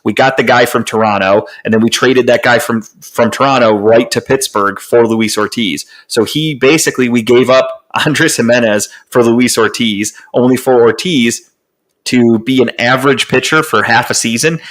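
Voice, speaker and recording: A man's voice: medium pitch, normal speed, low-quality recording. A man co-hosting a podcast, rambling through casual sports chat with lots of profanity and restarts. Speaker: podcast co-host.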